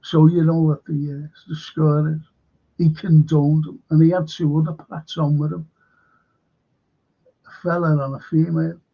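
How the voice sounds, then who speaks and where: A man's voice: on the high side, level tone, normal speed, creaky, long pauses, dull audio. A man hosting a stream, rambling and indignant with heavy swearing. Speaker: host.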